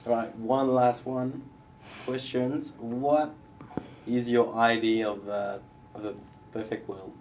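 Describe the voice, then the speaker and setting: A man's voice: medium pitch, fairly even intonation, slow, pauses often, darkish tone, slight background noise, low-quality recording. A man asking questions hesitantly in an interview.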